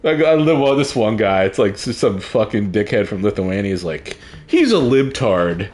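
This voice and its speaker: A man's voice: fairly low pitch, moderate pace, a little mellow. A man giving casual gameplay commentary, rambling, crude and sardonic as he plays. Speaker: gaming streamer.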